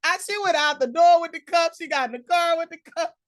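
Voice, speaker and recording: A woman's voice: very high voice, fast talker. A woman co-hosting a podcast in casual chat, agreeable and laughing along. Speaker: podcast co-host.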